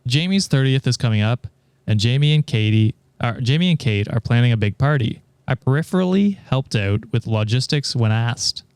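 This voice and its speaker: Clear, dry-voiced man reading a story aloud. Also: mid-range voice, moderate pace, no echo. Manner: steady reader, laughs often between remarks. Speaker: podcast host reading stories. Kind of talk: reading aloud and casual chat.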